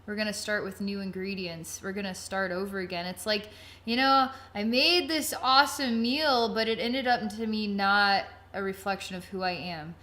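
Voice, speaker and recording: A woman's voice: medium pitch, normal speed, bright, forceful tone. A woman giving a psychic healing reading, vivid and dramatic, thinking aloud with frequent restarts. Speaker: psychic reader.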